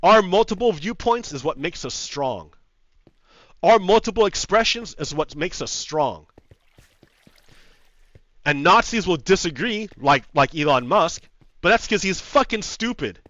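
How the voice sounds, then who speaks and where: A man with a fairly high voice rants over his gameplay, heated and profane, repeating himself and laughing as he goes. The sound is dry, with little room to it. The recording is a bit dull and lo-fi. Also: animated, a little slow, pauses often, a bit bright, no echo. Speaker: gaming video host. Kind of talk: casual ranting commentary over gameplay. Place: home setup with green screen.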